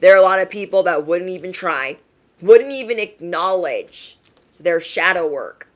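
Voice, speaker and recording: A young adult woman giving a casual livestream tarot reading in a frank, emphatic way, often tagging her points with a quick question. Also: lowish voice, expressive. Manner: emphatic, frank, tags lines with "okay?". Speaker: tarot reader.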